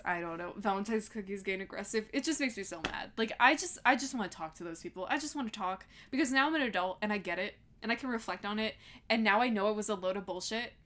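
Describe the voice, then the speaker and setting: A woman's voice: mid-range voice, a bit bright, slight background noise. A twenty-two-year-old woman ranting heatedly and casually as a livestreamer, swearing often and laughing between lines. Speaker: streamer reading chat.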